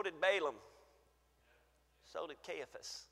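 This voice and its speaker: A man pastor preaching a sermon in a church, shifting from quiet low asides to loud, shouted acted-out pleas. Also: animated, measured pace. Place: church sanctuary. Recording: church sanctuary with long reverb.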